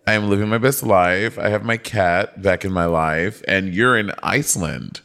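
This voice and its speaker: A man's voice: low voice, moderate pace, vocal fry, fairly bright tone. A man chatting casually as a guest, sassy and laughing often. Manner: sassy, laughs a lot, calls people girl. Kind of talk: casual chat.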